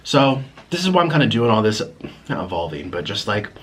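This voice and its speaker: A man vlogging to camera, talking in a reflective, apologetic way with many restarts, pausing to eat. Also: lowish voice, very animated, husky. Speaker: mukbang vlogger. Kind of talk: casual confessional talk to camera.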